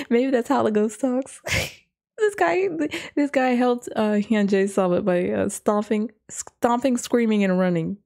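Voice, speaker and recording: A woman's voice: fairly high pitch, unhurried, creaky, darkish tone. Chatty, giggly woman hosting a reaction video. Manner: chatty, giggly, retelling what others said. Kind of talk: casual reaction commentary.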